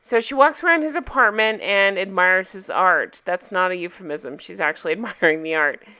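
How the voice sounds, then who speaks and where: A young woman recapping a TV episode in a casual, chatty vlog, enthusiastic and quoting lines in lively voices. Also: on the low side, normal speed, smooth.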